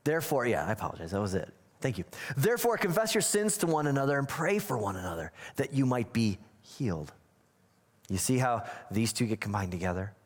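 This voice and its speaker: A man's voice: medium pitch, sing-song, a little fast. Guy pastor preaching casual, echoey church hall sound, acts out quotes. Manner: conversational, self-deprecating, acts out quotes. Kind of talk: sermon. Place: church sanctuary.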